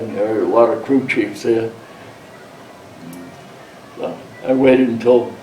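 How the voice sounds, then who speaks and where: A man's voice: on the low side, mellow, a little hiss or hum. A man in his seventies, a veteran telling his story in an oral history interview, blunt and profane in his words. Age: 70s. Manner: blunt and profane, retells scenes by quoting himself. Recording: roomy sound, mic set at a distance, faint background ambience.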